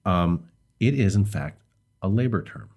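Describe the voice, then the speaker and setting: A man co-hosting a podcast, chatting casually with relaxed, hesitant pacing and many fillers. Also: low-pitched, unhurried. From United States. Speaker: podcast co-host.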